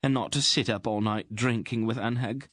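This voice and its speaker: A man's voice: mid-range voice, steady tone, normal speed, fairly bright tone, no echo, clean studio sound, pitched above the performer's own voice, natural voice. A man voicing a fretful, tearful little queen. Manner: pleading, emotional. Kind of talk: audiobook character voice.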